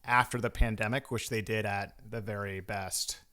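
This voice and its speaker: A man's voice: on the low side, steady tone, normal speed, bright, forceful tone. A man co-hosting a podcast in casual chat, rambling and laughing easily as he talks. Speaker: podcast co-host.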